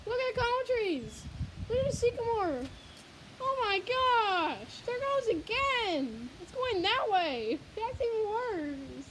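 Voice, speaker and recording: Excitable woman narrating a storm on her phone, high bright voice, rambling and breathless. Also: takes it slowly, slight background noise, low-quality recording. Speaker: storm vlogger. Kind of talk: excited live storm commentary. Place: outdoors by a house, then a garage, in a windstorm. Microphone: handheld phone.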